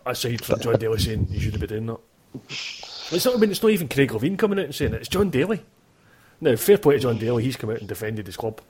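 A man's voice: mid-range voice, sing-song, quick pace, darkish tone, a little hiss or hum. A Scottish man chatting casually about football, opinionated and full of restarts, hosting a podcast.

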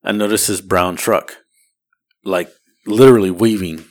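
A man's voice: deep voice, steady tone, a little slow. A man, co-hosting a podcast and telling a rambling, profane story in casual chat. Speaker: podcast co-host.

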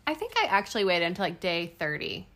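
This is a woman co-hosting a casual podcast chat. She speaks in a slightly low voice. She is easygoing and explains things plainly. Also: sing-song, quick pace, a bit bright, a little hiss or hum. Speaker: podcast co-host.

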